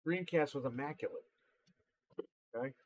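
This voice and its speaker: A man's voice: fairly high pitch, moderate pace, a little mellow, low-quality recording. A man hosting a casual livestream, telling blunt, profane, exasperated stories about customers. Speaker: livestream host and console repair seller.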